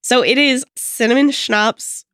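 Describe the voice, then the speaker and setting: A woman's voice: fairly high pitch, fairly even intonation, unhurried, a bit bright, no room sound, clean studio sound. A woman player getting over a cold, chatting casually and giggling at a tabletop game podcast.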